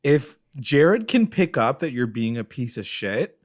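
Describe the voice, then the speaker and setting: A man co-hosting a podcast, chatting casually and laughing often while he recaps a reality show with quick, dramatic retellings. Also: mid-range voice, big pitch swings. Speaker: podcast co-host.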